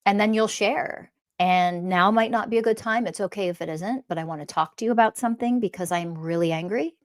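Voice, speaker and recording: A woman's voice: mid-range voice, fairly quick. Profane, heated woman podcast host. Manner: blunt, profane and heated, swinging between loud outbursts and quiet calm. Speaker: podcast host and spiritual teacher. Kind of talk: impassioned podcast rant.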